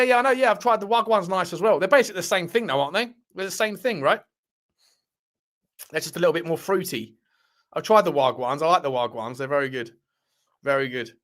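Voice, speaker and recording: A chatty man hosts a casual live stream, rambling and bantering with viewers. His voice sits a bit high for a man, and he laughs often as he talks. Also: a bit bright. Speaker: livestream host reading chat.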